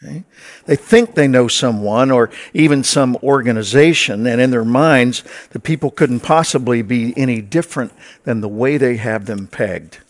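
A male pastor delivers a sermon in a relaxed, conversational way. He speaks at an ordinary middle pitch and mixes wry, joking asides in with his teaching. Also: normal speed.

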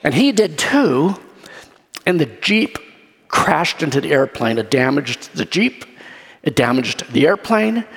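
A male pastor with a notably high voice preaches, spinning a story with lively, acted-out turns. His voice rings through a hall with a long reverb tail. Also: a little slow, vocal fry, husky. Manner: lively storytelling, acts out scenes. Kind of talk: sermon.

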